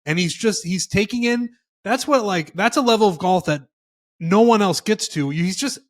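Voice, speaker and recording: A young man co-hosting a golf podcast, telling stories in animated, casual chat with some swearing. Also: high voice, moderate pace. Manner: animated storytelling, swearing, quotes himself. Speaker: podcast co-host.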